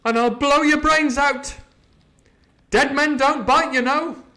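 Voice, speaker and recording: Man doing a boy sailor: pitched way up, loud, brash and cocky, a kid threatening a pirate. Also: steady tone, slow, full character voice.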